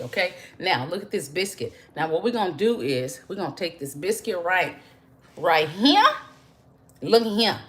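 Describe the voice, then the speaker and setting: A woman hosting a home cooking video, chatting warmly with viewers and calling them y'all and baby. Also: fairly low pitch. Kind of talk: casual cooking demonstration to viewers.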